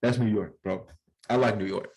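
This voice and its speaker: A young adult man co-hosting a podcast, telling stories in a slangy, animated way and acting out voices in casual chat. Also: lowish voice, normal speed, rough recording. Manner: animated storyteller, slangy, acts out voices in anecdotes. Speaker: podcast co-host.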